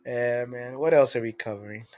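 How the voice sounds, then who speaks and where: A man's voice: mid-range voice, moderate pace, a little mellow. A young man co-hosting a podcast, laid-back and laughing often at his own crude jokes. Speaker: podcast co-host. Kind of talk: casual chat.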